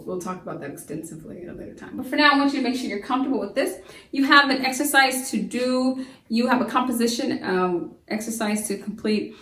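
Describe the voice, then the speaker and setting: A woman teaching a homeschool lesson in a casual style, acting out quoted lines loudly, with many fillers. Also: mid-range voice. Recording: roomy sound from a distance.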